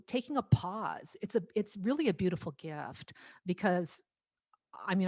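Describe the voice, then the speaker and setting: A woman's voice: lowish voice, no room sound. Chatty woman singer telling stories. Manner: chatty, lively storytelling with frequent laughs and restarts. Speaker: singer-songwriter. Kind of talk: casual talk at an album launch.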